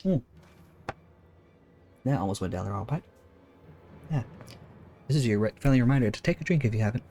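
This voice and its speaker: A man streaming a game, making soft, casual asides to viewers. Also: medium pitch, lively intonation, a little fast, pauses often, soft background music.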